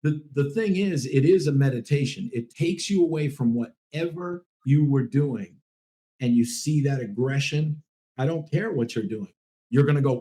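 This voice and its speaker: Animated, cursing male podcast co-host. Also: fairly high pitch. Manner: animated, swears freely, acts out quick voices. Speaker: podcast co-host, dog trainer. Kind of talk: casual chat.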